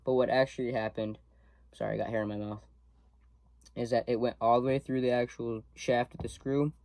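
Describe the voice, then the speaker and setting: A man's voice: medium pitch, steady tone, a little fast, vocal fry, a little mellow, no echo. A young man in a workshop, casually explaining each step as he works, recorded on a camera mic. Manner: talks through each step while working. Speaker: student demonstrating a workshop task. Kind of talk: casual hands-on demonstration.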